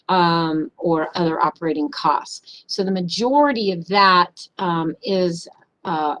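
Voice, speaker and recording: A woman walks commissioners through budget slides at a public session. She talks fast and businesslike, dropping in many ums and uhs as she goes. Her voice sits at a middle pitch. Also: poor audio. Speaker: county finance official presenting a budget.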